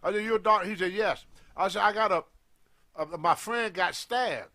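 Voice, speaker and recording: Older man, high voice, animated storyteller who acts out the voices in his tale. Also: normal speed. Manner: animated anecdote, acting out quoted lines. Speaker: guest storyteller on a wrestling show. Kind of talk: casual storytelling.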